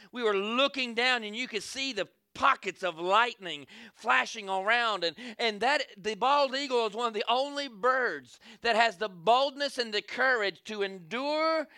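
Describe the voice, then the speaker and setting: A man's voice: sits high, clean tone, no echo, studio quality. A man preaching a sermon, telling a story and calling on the crowd for amens, acting out scenes as he goes. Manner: animated, calls for amens, acts out scenes.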